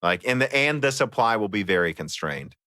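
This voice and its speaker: A man's voice: on the low side, animated, brisk, pushed and bright, no room sound, studio quality. A man hosting a podcast, chatting casually and reading out listener mail. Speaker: podcast host.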